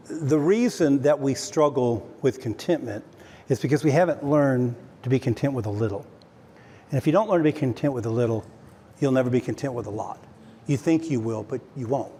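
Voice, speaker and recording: A man's voice: medium pitch, expressive, brisk, dark tone. A man preaching a conversational sermon to his church, with frequent stammered restarts. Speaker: pastor. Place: church sanctuary. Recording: long hall reverb, faint noise.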